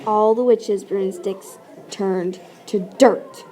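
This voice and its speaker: Slow, expressive woman reading a children's story. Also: mid-range voice. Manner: expressive, playful sound effects. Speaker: storybook reader. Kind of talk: children's story read-aloud.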